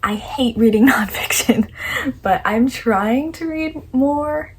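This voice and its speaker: A woman's voice: high-pitched, slow, husky, rough recording. A young woman vlogging casually at home about the books she read, chatty and enthusiastic, thinking aloud as she goes. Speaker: book vlogger. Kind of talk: casual chat.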